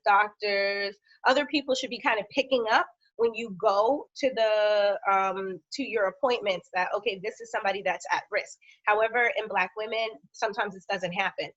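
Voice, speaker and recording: A woman health professional giving an informal educational talk, with conversational fillers and steady lists of symptoms. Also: medium pitch. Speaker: health professional speaking on a panel. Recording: dull, lo-fi dry sound.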